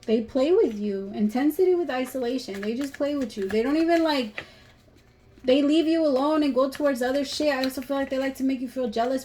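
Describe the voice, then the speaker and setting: Brief: woman tarot reader, slightly high voice, blunt and swearing, hiss behind her. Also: a little fast, mellow. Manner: blunt, emphatic, swears freely. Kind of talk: casual tarot reading to camera.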